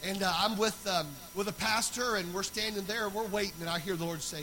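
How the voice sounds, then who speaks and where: High-voiced preacher, sung loud bursts. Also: male voice, brisk, hardly any pauses, background noise. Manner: swings from loud sung preaching to quiet storytelling. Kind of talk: storytelling sermon.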